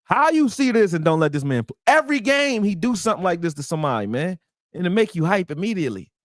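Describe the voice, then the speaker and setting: High-pitched and fast, this young host tears into football game film in a casual, profane breakdown aimed right at his viewers. He's animated and exasperated, addressing them as y'all. The studio-quality audio, from a close desktop mic while screen sharing, has no room sound.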